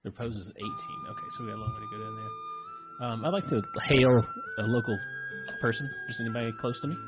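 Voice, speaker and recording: A man with a lively, swooping voice joins a tabletop game as a player, playful and theatrical in character. Faint music sits behind him. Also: medium pitch, brisk.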